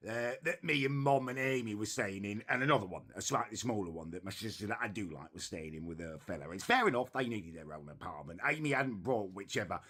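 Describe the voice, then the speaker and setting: Husky, sharp-toned man ranting. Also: fairly low pitch, lively intonation, fast, hardly any pauses. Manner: bitter, grumbling complaints. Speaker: ranting video creator. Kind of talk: ranting monologue.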